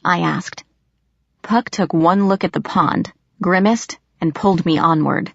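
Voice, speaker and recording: Lower-pitched woman narrating an audiobook. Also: creaky, no echo. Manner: steady, measured storytelling. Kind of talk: first-person audiobook narration. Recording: slightly muffled dry recording.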